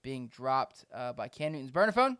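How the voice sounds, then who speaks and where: A man co-hosting a casual fantasy football podcast, reading out names with animated delivery and frequent laughs. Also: mid-range voice, normal speed, smooth, no echo, studio quality. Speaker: podcast co-host. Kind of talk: casual chat.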